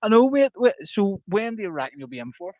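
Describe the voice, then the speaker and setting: Male co-host, sweary banter, voice a touch higher than most men, dry close sound. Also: sing-song, fast, dark tone, no echo. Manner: joking, sweary, laughs often. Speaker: podcast co-host. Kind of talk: casual chat.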